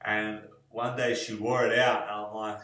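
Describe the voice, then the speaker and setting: A young man answering questions about his fiancée in a relaxed, rambling way, with many fillers. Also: on the low side, normal speed. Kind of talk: casual video answers. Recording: echoey room.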